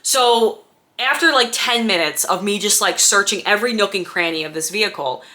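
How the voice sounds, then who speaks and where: A woman in her thirties casually telling a personal story, animated and acting out quoted dialogue, with lots of "like" and "right?". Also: mid-range voice, moderate pace. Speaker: former diaper service owner.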